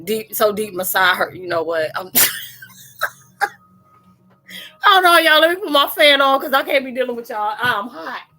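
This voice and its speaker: Young woman, a bit high, bright and forceful, loose storytelling with lots of laughs over faint music. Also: normal speed. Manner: laughs often, tells animated stories, talks loosely and playfully. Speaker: live chat host. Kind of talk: casual live-stream chat.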